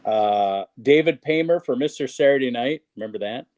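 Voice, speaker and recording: A man's voice: medium pitch, moderate pace, a little mellow. A man in a casual chat among comedians, reading off film facts with some hesitation. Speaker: comedian guest.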